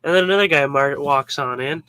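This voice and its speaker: A man's voice: fairly high pitch, brisk, bright, forceful tone, smooth, no echo, rough recording. A man giving a casual devotional Bible talk, informal and joking, acting out little scenes as he explains. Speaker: Bible teacher.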